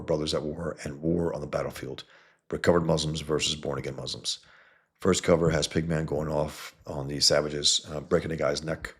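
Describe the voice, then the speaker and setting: Male host, rough husky bass voice, scornful and rambling. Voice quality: gravelly, husky low voice. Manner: blunt, scornful, lots of filler and restarts. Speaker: comic book creator and video host. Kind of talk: casual rambling talk to viewers.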